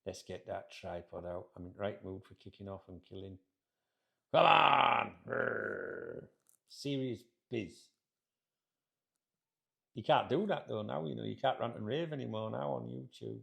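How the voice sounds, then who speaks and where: Slightly fast and barely pausing, a middle-aged football channel host rants casually from his chair, swearing and grumbling as he rambles to camera. His voice is a bit low and very gravelly.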